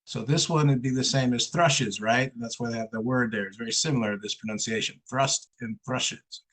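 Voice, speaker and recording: A man's voice: medium pitch, fairly bright tone, low-quality recording. A man teaching English pronunciation in an online one-on-one lesson, patient and repeating sounds for the student to copy. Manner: patient, slow, drills sounds with repetition.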